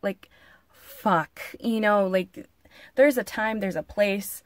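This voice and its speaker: A woman's voice: medium pitch, slow pace, pauses often, no echo. A woman vlogger recounts a story in a chatty, profane rush, leaning into the drama. She peppers her talk with "like" and "you know". The recording is dry, with no room sound. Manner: frequent filler "like". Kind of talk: casual story-time vlog.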